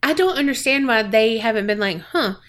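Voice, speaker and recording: A woman co-host in casual podcast chat. She chimes in with brief reactions and questions, her voice pitched a little high. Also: expressive, a little fast, fairly bright tone. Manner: short reactive interjections.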